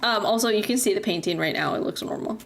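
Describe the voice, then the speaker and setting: A woman's voice: mid-range voice, fast, vocal fry, a bit bright. A young woman streams a game and chats casually, her voice in the middle of the range. She rambles through long stories with plenty of fillers. Faint noise hums in the background. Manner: chatty, rambling storyteller with many fillers. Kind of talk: casual chat while gaming.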